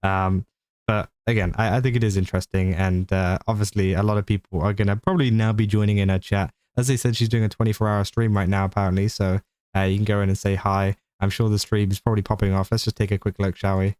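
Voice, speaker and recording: Casting: young british guy, low voice, dry close sound, loose rambling reaction commentary. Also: little pitch movement, quick pace, a little mellow, clear, resonant tone, no room sound. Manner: rambling, many fillers and restarts.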